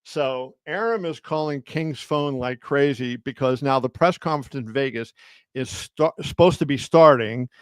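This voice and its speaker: Speaking in a clear, resonant mid-range voice at a moderate pace, a man streams live from home as a boxing journalist. He tells casual stories with many fillers and restarts, acting out quotes loudly, and the recording is dry.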